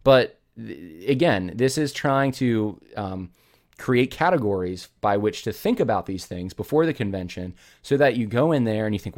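A man's voice: on the low side, lively intonation, moderate pace, darkish tone. Emphatic man with rhetorical retorts. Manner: rhetorical and emphatic, full of "how about" retorts; thinks aloud with many restarts and digressions. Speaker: podcast host. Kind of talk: opinionated commentary.

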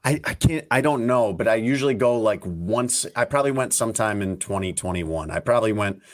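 A man's voice: on the low side, expressive, fairly quick. Easygoing man chatting on a podcast. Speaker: podcast co-host. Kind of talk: casual chat.

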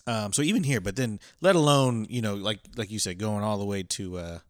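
A man from Texas co-hosting a podcast, chatting in an animated way and asking lots of questions. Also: fairly low pitch, brisk, dry recording, clean studio sound. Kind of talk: casual chat.

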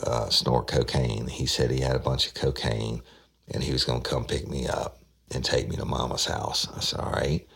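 Male storyteller, very deep gravelly voice, loose conversational drawl. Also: fairly bright tone. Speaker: podcast host telling a true story. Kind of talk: casual storytelling.

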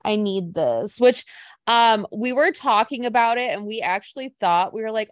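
A woman co-hosting a casual podcast chat, telling stories in an animated, gushing way. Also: fairly high pitch, moderate pace, dry recording, studio quality.

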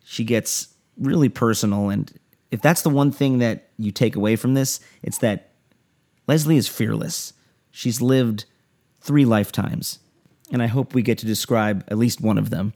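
A man's voice: mid-range voice, unhurried, darkish tone. A man hosting a podcast, reading a scripted introduction in a heartfelt, lyrical storytelling way with wry, self-mocking asides. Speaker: podcast host.

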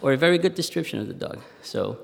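A man, telling a personal story live on stage in a conversational way, with pauses and fillers. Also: mid-range voice, expressive, creaky. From Spanish Harlem, New York. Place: stage in a museum hall, live audience. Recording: reverberant live hall.

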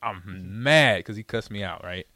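Low-voiced man telling a lively story. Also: normal speed, no echo. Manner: animated, acts out quoted voices, laughs often. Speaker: former pro football player, guest. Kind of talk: casual storytelling.

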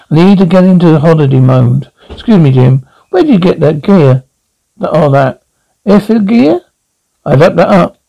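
Gravelly Glaswegian man, blustering. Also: fairly high pitch, warm tone, rough recording. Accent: Glasgow Scottish. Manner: blustering, rambling, coarse. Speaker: comic character monologue. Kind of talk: scripted comedy performance.

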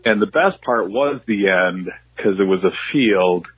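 A man with a husky, slightly low voice tells a rambling story, pausing and restarting as he goes. He comes through a thin, tinny voicemail phone line with a dry sound. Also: dry recording. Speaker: caller leaving a voicemail.

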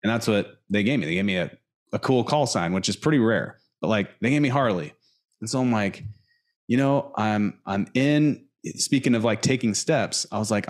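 A man in casual conversation, telling stories with lots of fillers, in an animated way. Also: lowish voice, moderate pace. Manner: animated storyteller, fillers like dude. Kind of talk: casual chat.

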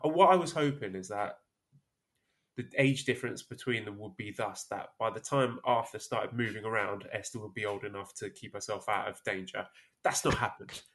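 A man's voice: lowish voice, normal speed, fairly bright tone. A man in his thirties hosting a podcast, chatting casually in a rambling, self-mocking way. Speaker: podcast host.

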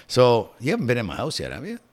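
A man co-hosting a podcast, telling stories in a casual, profane, animated way. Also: medium pitch, fast talker. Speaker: podcast co-host. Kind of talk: casual chat.

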